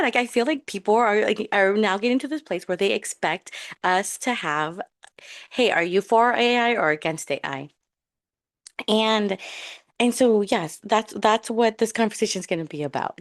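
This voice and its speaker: A woman's voice: lowish voice, dry recording, studio quality. A woman hosting a solo podcast in a rambling, candid way, often restarting and correcting herself. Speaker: podcast host. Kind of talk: casual solo podcast talk. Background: dog on her lap.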